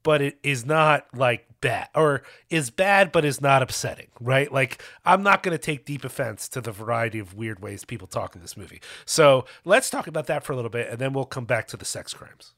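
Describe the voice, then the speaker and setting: A man co-hosting a film podcast, chatting casually and animatedly, swearing and talking in quick bursts. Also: mid-range voice, animated, fairly bright tone. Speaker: podcast co-host. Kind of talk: casual chat.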